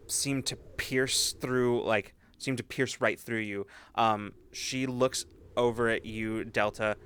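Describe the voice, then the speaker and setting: A man's voice: on the low side, bright, forceful tone, smooth. A man narrating as game master of a tabletop game, rambling with many fillers and restarts.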